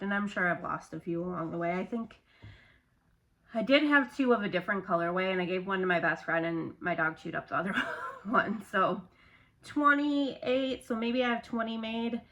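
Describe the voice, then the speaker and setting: A woman's voice: fairly low pitch, moderate pace, fairly bright tone. A young adult woman in casual chat, showing her handmade stock in a loose, rambling way with lots of fillers.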